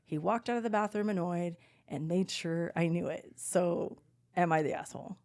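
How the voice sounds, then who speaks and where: A woman podcast co-host telling stories in casual chat, animated and swearing, acting out quotes. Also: fairly low pitch, normal speed.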